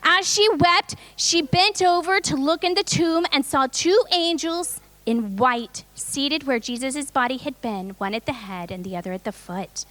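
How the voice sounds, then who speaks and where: A woman's voice: high voice, unhurried, hardly any pauses, a bit bright. A woman leading a children's Easter reenactment in a church, upbeat and coaxing as she directs the kids into place. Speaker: children's presentation leader.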